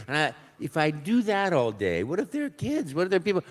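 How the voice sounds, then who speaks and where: A man's voice: fairly high pitch, fast, hardly any pauses. An older man, a voice actor guest, telling a story at a live convention panel, acting out the dialogue and sound effects as he goes. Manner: animated, acts out dialogue and sounds.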